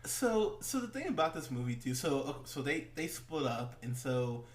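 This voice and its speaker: A man's voice: medium pitch, big pitch swings, normal speed. A man hosting a casual movie review podcast, rambling with lots of fillers, laughing and swearing as he talks. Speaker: podcast host.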